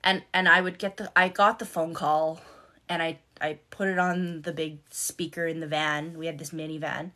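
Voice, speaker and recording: Her voice sits low and barely moves in pitch, delivered at a moderate pace with a sharp edge. Streaming live, this middle-aged life coach and creator shares her personal story frankly, swearing freely and repeating words to stress them.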